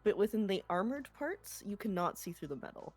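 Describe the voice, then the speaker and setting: A woman narrating a tabletop role-playing game as game master, explaining scenes and rules in a relaxed way. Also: medium pitch, fairly quick, faint music behind.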